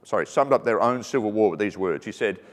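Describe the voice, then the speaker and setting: A man's voice: on the low side, expressive, fast talker. Man preaching in a reverberant hall. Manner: earnest, with joking asides. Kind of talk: sermon.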